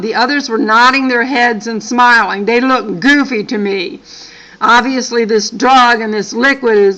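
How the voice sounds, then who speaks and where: A woman's voice: a little high, pushed and bright, muffled recording. An older woman and grandmother reading a dream account aloud, breaking off for earnest, apologetic asides. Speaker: channel host.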